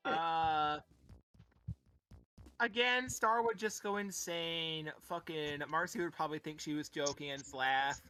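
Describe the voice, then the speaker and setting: A woman's voice: deep voice, slow, pushed and bright, soft background music. A woman reading a book aloud with friends, joking in a blunt, crude way. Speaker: co-reader. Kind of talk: comedic group book reading.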